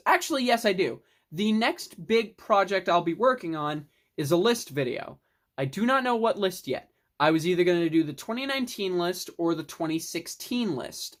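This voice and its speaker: A person casually reviewing films in a video, rambling and restarting sentences, with the odd swear word. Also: medium pitch. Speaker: film vlogger.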